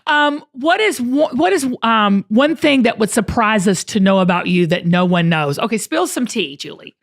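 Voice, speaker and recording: Middle-aged Southern woman, talk show host, lively animated exclaiming delivery. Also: a little high, dry recording, studio quality. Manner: bubbly, exclaiming, quick questions. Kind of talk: casual interview chat.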